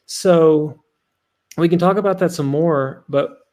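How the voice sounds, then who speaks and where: A man's voice: fairly high pitch, takes it slowly, warm tone. A man in his thirties, a podcast guest telling a story in an earnest, rambling way full of fillers.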